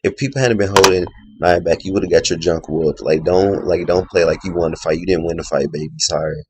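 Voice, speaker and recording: A man's voice: low-pitched, a little fast, noisy background. A man giving a casual, opinionated video review of a reality show, rambling with plenty of "you know" and "like".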